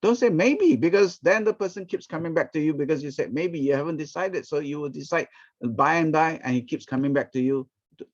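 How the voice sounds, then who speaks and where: A man, teaching a ministry training session through lively stories and acted-out quotes. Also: medium pitch. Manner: animated, acts out quoted speech. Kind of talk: storytelling teaching talk. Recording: dull, muffled recording.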